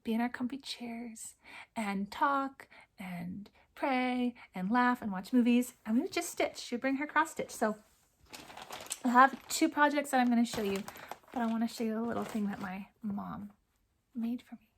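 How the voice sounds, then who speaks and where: A woman hosting her cross stitch channel, talking softly and from the heart, close to tears and often dropping to a near whisper. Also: fairly high pitch, moderate pace, a little hiss or hum. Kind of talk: casual chat to camera.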